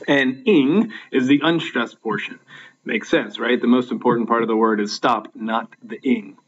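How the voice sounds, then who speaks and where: A man teaches from slides at home on his laptop, recording a lecture in a mid-range voice over dull audio. He's patient in his explanations, though he uses lots of fillers and often restarts.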